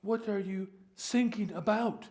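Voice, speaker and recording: A man's voice: high voice, fairly even intonation, noisy background, voice pushed up. An older man doing a flustered young German radioman. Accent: mock German. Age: 70s. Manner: halting, mishears English. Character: nervous young German coast guard radioman, male.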